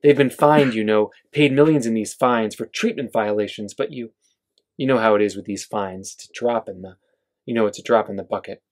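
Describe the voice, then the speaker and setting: A man's voice: lowish voice, a little fast, close to an everyday voice. A man reading aloud as a desperate man pleading urgently for his wife, at a bookstore reading. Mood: fervent.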